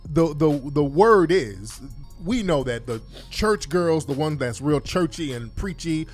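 A man hosting a call-in show, his slightly high voice swooping all over as he jokes crudely and breaks into laughter. Music plays clearly behind him. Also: lively intonation, unhurried. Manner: joking, laughs often, profane slang. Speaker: radio show host taking calls. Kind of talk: casual crude comedic talk show banter.

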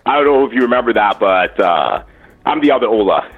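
A man's voice: medium pitch, animated, a little fast, soft background music. A man from Canada calling in to a show, talking with many restarts and fillers. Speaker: caller. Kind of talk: call-in chat. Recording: dull lo-fi phone line.

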